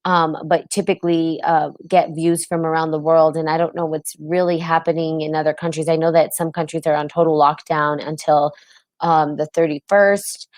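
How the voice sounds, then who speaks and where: Host type: woman with a New Jersey accent, slightly low voice, impassioned casual talk, dry close sound. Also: little pitch movement, moderate pace, a little mellow, no room sound. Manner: impassioned, asks viewers questions, many fillers. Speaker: podcast host on a live stream. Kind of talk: casual live-stream talk to viewers.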